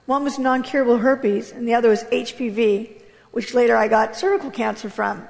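Woman, high voice, animated and candid church testimony, long hall reverb. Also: fairly quick, creaky. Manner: animated, candid, laughing often. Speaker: guest speaker giving testimony.

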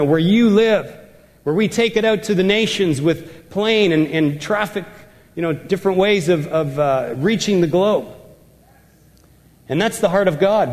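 High-voiced preacher in a reverberant hall. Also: male voice, darkish tone. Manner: emphatic, repeats words for effect. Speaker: pastor. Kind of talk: sermon.

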